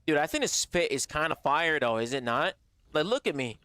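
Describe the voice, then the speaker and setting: Male streamer, fairly high voice, casual profane banter, slightly strained. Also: lively intonation, moderate pace, pushed and bright, dry recording. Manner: slangy and profane, calls chat bro and baby. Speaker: gaming livestreamer. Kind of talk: casual live-stream chat.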